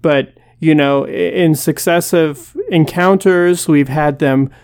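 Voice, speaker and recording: A podcast co-host talking casually and thoughtfully, pausing with fillers while making comparisons. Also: medium pitch, steady tone, a little mellow, clear, resonant tone. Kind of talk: casual chat.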